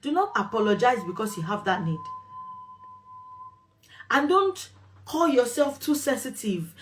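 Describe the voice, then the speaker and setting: A woman's voice: a little high, sing-song, a little slow, long pauses. A woman host talking straight to her viewers with relationship advice, firm and emphatic, repeating phrases for stress. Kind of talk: direct-to-camera advice talk.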